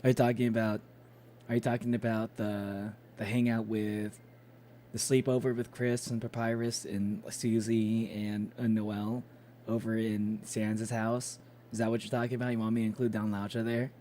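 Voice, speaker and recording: A man's voice: lowish voice, level tone, normal speed, warm tone, a little hiss or hum. A young man chatting casually with his live-stream chat, loose and swearing, with plenty of fillers.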